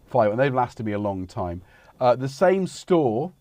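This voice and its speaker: Chatty man with a lively voice. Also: medium pitch, a little slow, no room sound. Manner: chatty, meandering, self-interrupting. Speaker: livestream host. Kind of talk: rambling casual chat. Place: home studio.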